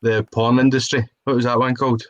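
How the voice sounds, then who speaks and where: Man, easygoing podcast chat, mid pitch, dry recording. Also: flat delivery, brisk, dry recording, muffled recording. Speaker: podcast co-host. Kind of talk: casual chat.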